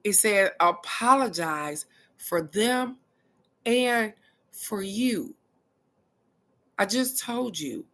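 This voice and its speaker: A middle-aged woman, giving a casual, blunt spiritual card reading and cussing freely. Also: on the low side. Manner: blunt and animated, cusses freely.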